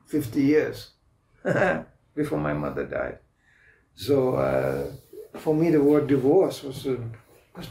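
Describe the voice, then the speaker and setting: A man's voice: medium pitch, gravelly, mellow, far from the mic, a little hiss or hum. A man in his fifties giving an anecdotal spiritual lecture, telling stories, laughing often and restarting his sentences. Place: club lecture room. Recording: roomy hall echo.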